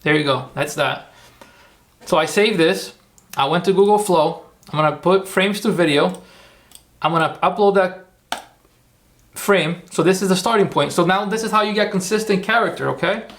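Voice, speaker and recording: A man's voice: high-pitched, normal speed, pauses often, fairly bright tone. A man hosting a casual tutorial livestream, rambling, repeating himself and talking to his chat. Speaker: livestream host.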